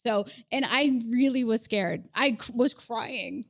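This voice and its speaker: A woman in her thirties tells a story on a casual podcast, animated and quick to laugh. Her voice sits a little high. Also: vocal fry. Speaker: podcast co-host. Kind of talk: casual chat.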